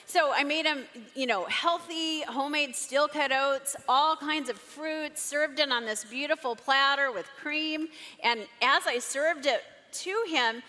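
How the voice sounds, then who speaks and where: Woman telling a story to a crowd, lively and expressive, big echoey hall sound. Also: high voice, unhurried. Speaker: marriage seminar co-presenter. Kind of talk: storytelling to a live audience. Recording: long hall reverb.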